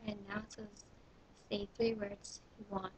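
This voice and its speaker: A woman's voice: mid-range voice, little pitch movement, measured pace, slight background noise, rough recording. A young woman with a Canadian accent from Ontario, recorded in a small bathroom as she casually reads questionnaire prompts aloud and answers them in an offhand, dry way. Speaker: vlogger. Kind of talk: casual vlog reading a questionnaire.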